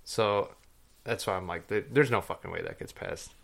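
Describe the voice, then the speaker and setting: A man's voice: sits low, moderate pace, vocal fry, fairly bright tone. An American man co-hosting a casual podcast, blunt and swearing freely. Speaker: podcast co-host.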